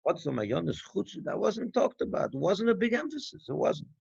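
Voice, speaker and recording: A man's fairly high voice with a lilt, talking through a teaching session in a loose, conversational way. He keeps firing off rhetorical questions and circling back to restart his thoughts. The recording sounds dull and dry. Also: sing-song, normal speed, gravelly, darkish tone, breathy edge, no echo. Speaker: rabbi. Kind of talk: farbrengen talk.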